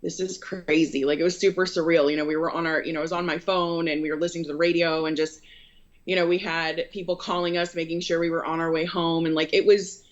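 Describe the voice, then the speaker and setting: Earnest woman storyteller, lowish voice, rambling, dull lo-fi sound. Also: level tone, fast. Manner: earnest, rambling with many fillers. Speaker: photographer and business owner. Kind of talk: casual interview storytelling. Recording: dull lo-fi recording.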